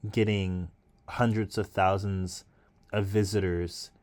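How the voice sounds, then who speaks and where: A man talking casually and thoughtfully to his viewers while he paints, musing and encouraging himself. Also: fairly low pitch. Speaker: artist and vlogger.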